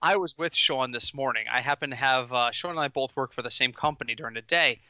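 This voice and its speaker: A man co-hosting a casual podcast, telling stories in an animated way and laughing through his lines. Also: mid-range voice, fast, clean tone, dry recording, dull audio. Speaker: podcast co-host.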